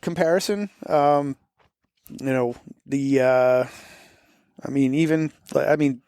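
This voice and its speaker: A man's voice: medium pitch, slow, a little mellow, clean tone, dry recording, clean studio sound. A man from Florida with a faint Boston accent, chatting in an interview and rambling with many fillers and restarts. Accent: American, faint Boston. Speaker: musician guest. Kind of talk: casual interview chat.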